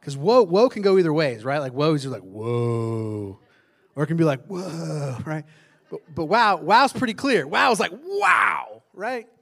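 A male pastor, preaching in a loud, conversational way that keeps asking the congregation questions and drops into hushed tones for emphasis. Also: fairly high pitch, animated, quick pace. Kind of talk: conversational sermon.

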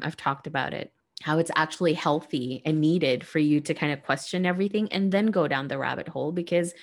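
A woman hosting a reflective spiritual monologue, speaking gently and earnestly to her listeners. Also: sits low. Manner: gentle, soft-spoken, earnest.

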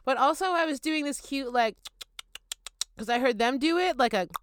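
A woman's voice: high-pitched, expressive, moderate pace. A woman hosting a podcast in casual chat, talking freely, laughing and sometimes imitating crow calls. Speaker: podcast host.

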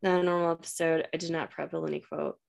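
A woman co-hosting a podcast, chatting casually and upbeat about a TV episode and trailing off into soft asides. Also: deep voice, flat delivery, fast talker, vocal fry. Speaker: podcast co-host. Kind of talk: casual chat reviewing a TV episode.

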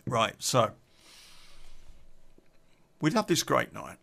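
A man's voice: medium pitch, big pitch swings, takes it slowly, creaky, a bit bright. A man telling an unedited personal story on a podcast, blunt, sweary and rambling, drinking beer as he talks.

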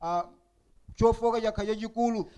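A man interprets a sermon phrase by phrase, right behind the preacher. He speaks extremely fast. His voice is very high for a man. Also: steady tone, dark tone, clean tone. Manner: rapid, echoes each phrase.

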